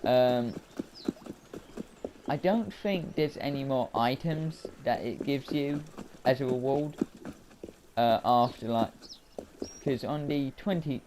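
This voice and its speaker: Slow, rambling man commenting on a game. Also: mid-range voice. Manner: rambling, hesitant, lots of filler words. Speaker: let's play commentator. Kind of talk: casual gameplay commentary. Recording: game audio noise behind voice.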